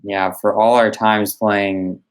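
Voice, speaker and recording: Low-voiced earnest young man. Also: flat delivery, slow, smooth, rough recording. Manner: earnest, enthusiastic about snacks. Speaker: podcast co-host. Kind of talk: casual podcast chat.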